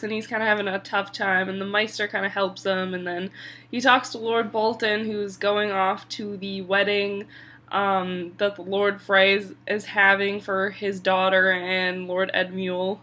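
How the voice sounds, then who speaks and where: Bright-voiced chatty woman recapping a show. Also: on the high side. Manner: chatty, animated, lots of "like" and swearing. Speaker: TV episode reviewer. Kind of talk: casual episode recap.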